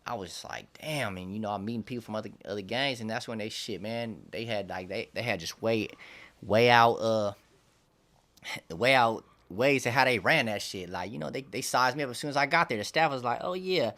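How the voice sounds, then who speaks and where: A man's voice: fairly low pitch, brisk, fairly bright tone. A young man telling his life story in a casual interview, in loose street slang with lots of restarts and fillers. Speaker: interview guest.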